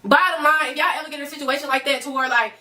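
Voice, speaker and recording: Fast, high-voiced woman telling a storytime. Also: distant mic, a little hiss or hum. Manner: profane, animated, keeps addressing viewers as y'all. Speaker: vlogger telling a personal story. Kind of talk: casual storytime.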